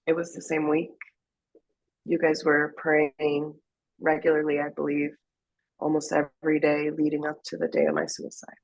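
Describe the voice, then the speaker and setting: Gravelly woman telling a testimony. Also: deep voice, normal speed, poor audio. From Afghanistan. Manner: emotional, drops into whispers when quoting. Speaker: guest. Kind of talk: personal testimony storytelling.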